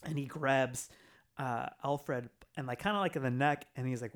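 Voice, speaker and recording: A man's voice: medium pitch, steady tone, normal speed. A man in casual chat, retelling a comic book plot in a rambling way with lots of fillers.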